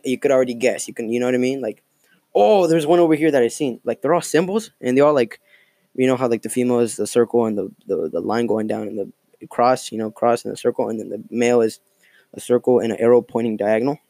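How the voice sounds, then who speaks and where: A man's voice: medium pitch, steady tone, fast talker, dark tone, no echo. A man hosting a casual solo podcast, rambling and mocking with a lot of profanity and fillers. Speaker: podcast host.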